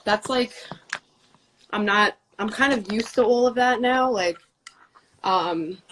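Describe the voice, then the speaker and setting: A woman guest on a casual live chat, talking haltingly with many fillers. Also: medium pitch, a bit bright, a little hiss or hum, low-quality recording.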